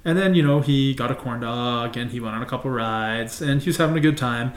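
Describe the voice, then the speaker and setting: Casual podcast co-host: quick Canadian man, rambling and profane, echoey room. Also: mid-range voice. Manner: rambling, profane anecdote telling. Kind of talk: casual storytelling. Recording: roomy echo.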